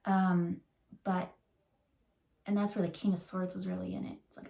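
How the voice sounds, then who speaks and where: A woman giving a casual channeled tarot reading, rambling and emotional, with many fillers, and slowing down to stretch out key words. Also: lowish voice, level tone, creaky, dark tone. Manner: rambling and emotional, full of likes and ums, slows to drag out key words. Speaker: tarot reader.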